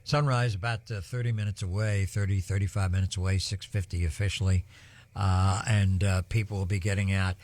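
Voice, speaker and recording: A man's voice: low voice, level tone, fairly quick, a little mellow. An older man, telling stories during live storm coverage in a rambling, folksy way full of ums and uhs. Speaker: broadcast weather host.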